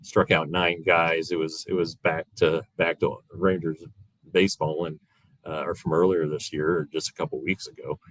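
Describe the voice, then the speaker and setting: Deep-voiced man rambling about baseball. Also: level tone, moderate pace, fairly bright tone, no echo. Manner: rambling, many fillers and restarts. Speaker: guest analyst. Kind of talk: casual sports podcast chat.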